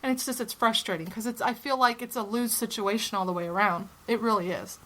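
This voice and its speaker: A woman co-hosting a casual podcast, talking in a heated, profane, opinionated way and swinging her pitch up to stress points. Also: fast, noisy background. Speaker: podcast co-host.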